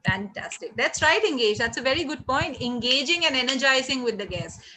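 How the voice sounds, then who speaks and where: A bright, high-pitched middle-aged woman with an Indian English accent teaches a live online class over a video call. She is lively and encouraging, and she reads comments from the chat aloud. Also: fairly quick, rough recording. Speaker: hospitality trainer. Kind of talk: live online training session.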